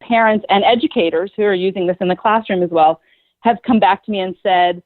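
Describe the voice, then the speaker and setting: A woman psychotherapist talks earnestly on a podcast as a guest, telling animated stories. Her voice is middle-pitched. The sound is thin and phone-like, with no room echo. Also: fairly quick. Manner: earnest, animated storyteller who acts out quoted people. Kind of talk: conversational podcast interview. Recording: tinny phone-like line, dry.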